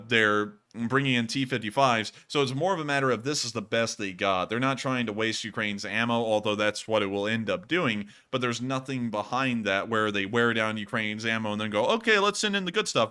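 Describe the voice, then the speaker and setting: Male stream host, bright and punchy, chatty and jokey, casual commentary. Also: on the low side, fairly quick, hardly any pauses, clean tone. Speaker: host of a live war-news stream.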